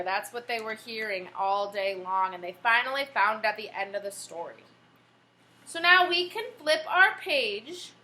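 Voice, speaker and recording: A woman's voice: on the high side, pushed and bright, slight background noise. A woman elementary teacher leading an online class on a video call, patient and encouraging with young students. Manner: patient, encouraging, asks questions. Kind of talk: online class read-aloud.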